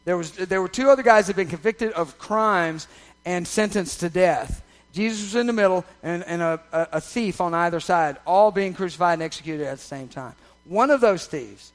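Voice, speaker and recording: A man preaching a sermon, swinging from loud, emphatic passages to soft, confiding ones and checking in with the congregation. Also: sits high. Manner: conversational, checks in with the audience. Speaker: pastor.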